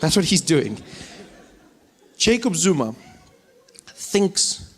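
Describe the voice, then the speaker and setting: A man from South Africa with a South African accent, doing stand-up with animated storytelling. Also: fairly high pitch, slow, long reverb tail, a faint crowd. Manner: animated storytelling, acting out scenes. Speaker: stand-up comedian. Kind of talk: stand-up comedy. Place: comedy stage before an audience.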